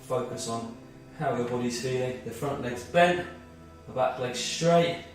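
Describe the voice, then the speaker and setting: A male fitness instructor leads a guided movement and mindfulness workout, walking through each move step by step while slightly out of breath. His mid-range voice is measured, but the mic is distant and very echoey, with soft music behind him.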